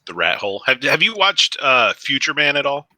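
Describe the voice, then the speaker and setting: A man's voice: mid-range voice, big pitch swings, bright, forceful tone, no room sound. A man with a New Jersey accent co-hosting a casual comedy chat, telling stories between laughs. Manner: laughing storyteller, quick asides. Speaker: co-host.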